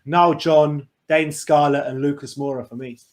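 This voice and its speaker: A man's voice: a little high, moderate pace, slight background noise. A man co-hosting a live football watch-along, chatting casually and calling the play as it happens. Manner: relaxed, commenting on the match as it happens. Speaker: fan co-host.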